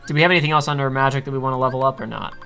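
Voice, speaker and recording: Bright, forceful male co-host, talkative and self-mocking, walks a friend through a game over faint music. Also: medium pitch, rapid-fire, creaky. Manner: chatty, explains game menus, self-mocking. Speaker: co-host guiding a let's play. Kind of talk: casual gameplay chat.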